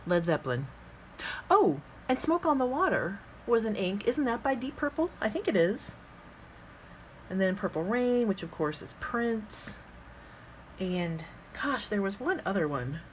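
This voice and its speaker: A woman vlogging casually as she swatches inks, chatting and thinking out loud with frequent fillers as she works. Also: deep voice, a little hiss or hum. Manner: talks to herself while working with her hands. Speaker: fountain pen ink vlogger.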